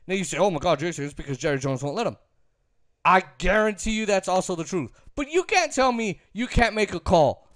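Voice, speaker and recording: A man rants about football in an emphatic, opinionated way, hammering his points through repetition. His voice sits high and leaps up and down with energy. The sound is dry, with no room echo. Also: fairly bright tone. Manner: emphatic, repetitive, laughs easily. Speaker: sports commentator. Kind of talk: opinionated sports talk rant.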